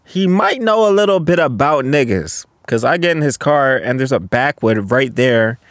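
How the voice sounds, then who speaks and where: A man's voice: medium pitch, expressive, moderate pace, no room sound. Canadian dude ranting on his podcast, swearing a lot, mid voice, dead dry sound. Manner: profane, rambling, heated ranting. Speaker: podcast host. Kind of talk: casual solo podcast monologue.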